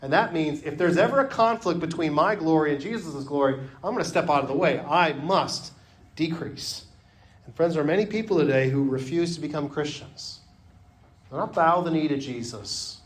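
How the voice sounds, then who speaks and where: A man preaching a sermon as pastor, earnest, often dropping to a hush on key phrases. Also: on the high side, fairly quick.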